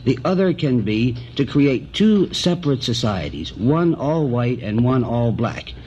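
A man's voice: mid-range voice, sing-song, measured pace, dark tone. A man moderating a televised panel debate, speaking formally and pressing guests with repeated questions. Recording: dull lo-fi archival broadcast with faint hiss.

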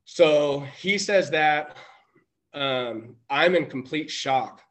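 A man's voice: fairly high pitch, drawn-out words. A man telling a personal story as a podcast guest, rambling with many restarts and self-corrections. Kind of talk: casual storytelling.

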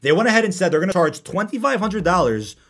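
A man hosting a casual podcast, reading out viewer comments and answering them in a lively way. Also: sits high. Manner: fast, animated, reads viewer comments aloud. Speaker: podcast host.

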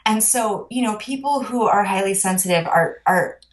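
A woman's voice: medium pitch, moderate pace. Earnest woman coach sharing her story. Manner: earnest and emotional, filler-heavy with many "like"s. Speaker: guest, life coach. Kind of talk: casual personal storytelling.

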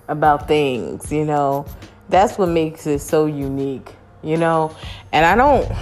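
A woman's voice: sits low, darkish tone. A young woman vlogging to her viewers in a chatty, casual way, laughing often and addressing them as y'all.

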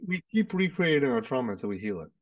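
Man, podcast host, rambling chatty delivery, mid pitch, a bit distant from the mic. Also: big pitch swings, fast. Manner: rambling, many restarts and fillers. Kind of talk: casual conversation. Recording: sits away from the mic.

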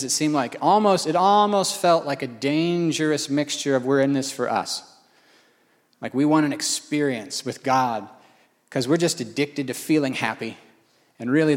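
Animated male preacher in a big hall. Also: medium pitch. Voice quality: animated, conversational, self-mocking. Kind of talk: storytelling sermon. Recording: long hall reverb.

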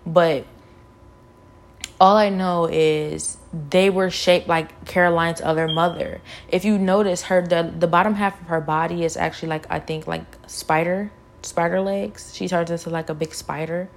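A woman's voice: lowish voice, fairly even intonation, normal speed. A young woman telling an emotional personal testimony, fervent and repetitive, with many "like" fillers. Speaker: vlogger sharing a personal testimony.

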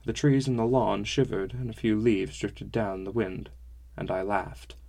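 Low-ish male voice reading an audiobook, measured and a bit wry. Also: fairly even intonation, vocal fry, warm tone. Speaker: audiobook narrator. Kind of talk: first-person novel reading.

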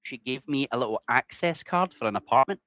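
A man's voice: medium pitch, lively intonation, fairly quick, pushed and bright, dry recording. A middle-aged man with a Scottish accent, telling stories in a casual interview, chatty and swearing freely. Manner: chatty, swears freely, says "mate" a lot. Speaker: interview guest. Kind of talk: casual storytelling.

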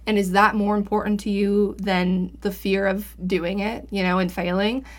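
A woman's voice: mid-range voice, level tone, normal speed. Friendly, reflective woman podcast co-host. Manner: friendly and reflective, with fillers like "you know". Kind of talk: casual advice chat.

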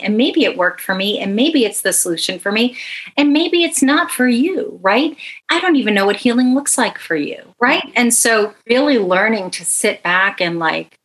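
A woman's voice: a little high, a bit bright, poor audio. A woman author being interviewed as a podcast guest, speaking earnestly with emphatic, rhythmic repetition.

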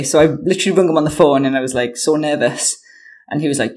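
Her voice sits low and moves very fast. She's a UK woman in her thirties, chatting as an interview guest and spinning animated stories full of fillers.

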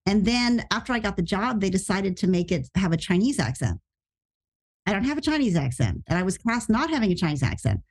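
Woman, from the United States, actress guest, casual podcast storytelling, animated, mid-pitched voice. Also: fairly quick, husky.

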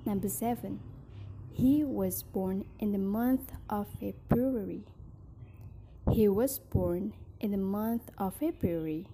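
A woman leading a pronunciation drill, carefully enunciating each word and sentence in an even, measured way. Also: mid-range voice, a little hiss or hum. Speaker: pronunciation teacher. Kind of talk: slow, deliberate pronunciation drill.

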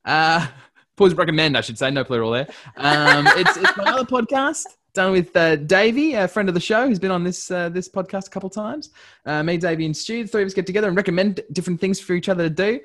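A man's voice: sits high, animated, bright, forceful tone. Easygoing man chatting on a podcast. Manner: easygoing, self-deprecating, halting with restarts. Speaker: podcast co-host. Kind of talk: casual podcast chat.

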